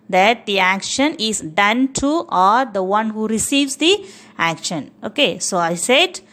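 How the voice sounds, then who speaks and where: A woman teaching a grammar lesson at an unhurried pace. Her pitch sits a little high and moves up and down a lot as she explains. She keeps checking in with the class in simple, patient phrasing. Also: a bit bright. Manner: slow, patient, checks understanding with "okay".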